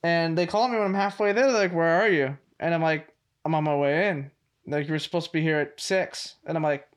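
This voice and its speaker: High-voiced man, animated podcast co-host. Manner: animated storyteller, laughs often. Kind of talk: casual chat.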